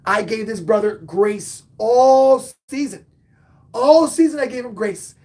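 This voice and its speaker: High-voiced excitable man on a sports stream. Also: takes it slowly. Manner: excitable, swings between loud outbursts and muttered asides. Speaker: podcast host and sports fan; bartender. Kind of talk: casual live-stream sports talk.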